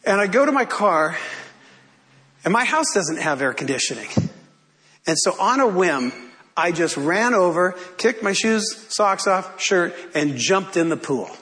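A man's voice: high-pitched, sing-song, measured pace, fairly bright tone. A male pastor preaching to his congregation, telling a self-deprecating personal story with humor.

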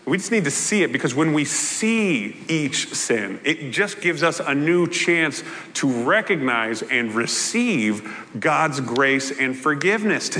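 A male pastor preaching a sermon in a conversational, animated way with playful asides. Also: a little high. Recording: echoey hall with long reverb.

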